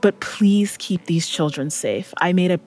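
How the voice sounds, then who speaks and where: A woman's voice: on the low side, unhurried, a little mellow. A woman player in a tabletop role-playing game, speaking earnestly in and out of character.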